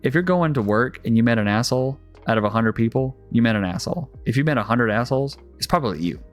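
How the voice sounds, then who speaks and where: A man's voice: mid-range voice, lively intonation, fast talker, faint music behind. A man hosting a casual podcast chat, blunt and profane, often restarting and repeating his words. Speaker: host.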